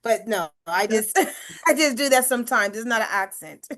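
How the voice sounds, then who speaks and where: A woman hosting over a video call, lively and playful, laughing easily. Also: fairly high pitch, normal speed. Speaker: next segment host. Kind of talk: casual hosting chat.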